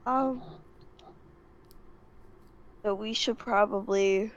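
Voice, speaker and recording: A woman's voice: mid-range voice, fairly even intonation, drawn-out words, lo-fi sound, slight background noise. A woman playing a tabletop game, asking short questions in casual chat. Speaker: player.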